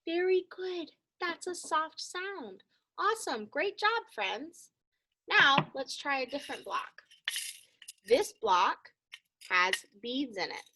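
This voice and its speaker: A woman teaching young children a phonics lesson, speaking slowly and encouragingly and calling them friends. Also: high-pitched, animated, bright, forceful tone.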